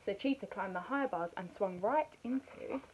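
A woman, a nursery teacher, reading a picture book aloud to young children in a bright storytelling manner. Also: mid-range voice, expressive, moderate pace, lo-fi sound.

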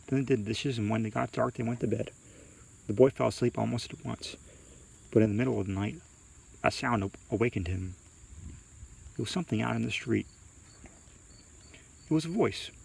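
A man reading a spooky story aloud in a hushed, suspenseful way. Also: on the low side, gravelly, breathy edge.

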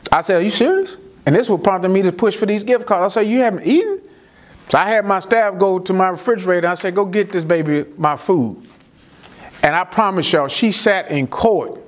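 A middle-aged man speaking as a juvenile court judge to a community audience, his voice a little high. He's an animated storyteller who acts out courtroom conversations, his pitch jumping up for his own exclamations and dropping low and soft when he voices the children's replies.

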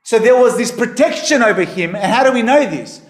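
A man preaching a sermon as pastor, emphatic, his voice rising and falling in pitch and volume. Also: expressive, brisk. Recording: echoey hall.

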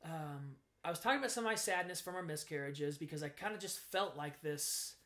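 Man, interview guest, candid storytelling, somewhat high voice, animated. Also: fairly quick. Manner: animated, acts out quoted voices, frank. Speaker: guest sharing his story.

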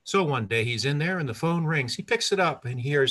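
An older man telling a personal story to an audience, lively, with asides and self-corrections. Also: medium pitch, brisk, gravelly, few pauses, breathy edge.

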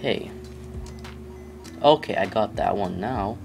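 A man doing let's play commentary, reacting loudly with yelps and groans whenever the game catches him out. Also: on the low side, a little slow, creaky, faint music behind. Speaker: gamer.

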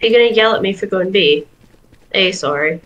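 A woman in team voice chat with a steady mid-range voice. Her remarks come out dry and teasing as she needles her squad between rounds. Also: mid-range voice, brisk, muffled recording. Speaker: game player.

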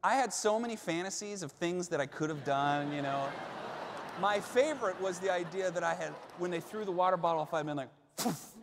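High-voiced animated male pastor. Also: noisy background. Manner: animated storyteller, acts out shouts and quotes. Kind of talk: sermon with personal story. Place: church auditorium. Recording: long reverb of a large hall.

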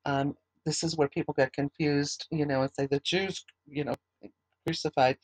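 A man teaching a Bible study, reading scripture aloud in a steady, earnest way and adding short comments of his own. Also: on the high side, normal speed, no echo, poor audio.

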